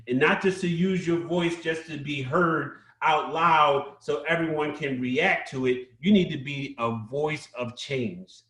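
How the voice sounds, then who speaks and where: A middle-aged man with a fairly high, fairly bright voice delivers an impassioned, sermon-like motivational speech as a storyteller on a community stage. He repeats phrases for emphasis, and the live event recording sounds echoey.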